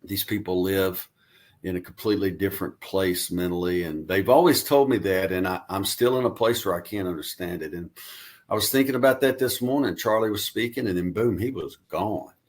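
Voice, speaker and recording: A man's voice: deep voice, a little fast. A man as the guest on a radio interview, earnestly explaining his views in long runs. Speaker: guest commentator.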